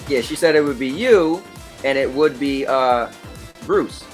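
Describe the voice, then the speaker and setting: Man, host, casual gaming chat, relaxed, mid pitch, faint music. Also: a little slow. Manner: relaxed, reads out game stats. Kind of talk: casual chat while playing a game.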